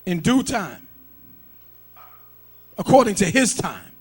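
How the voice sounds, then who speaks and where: High, animated shouting male preacher. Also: takes it slowly, husky. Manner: emphatic, swings into shouting and rhetorical questions; calls for scripture reading and call-and-response. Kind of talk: sermon.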